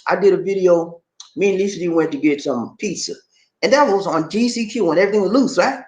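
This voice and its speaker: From his home in the Philippines, a Charleston, South Carolina native with a Gullah Geechee accent runs a casual live stream as a vlog host. His voice is high and his pace quick, the audio roomy; he's animated, laughs a lot, and reads out viewer comments.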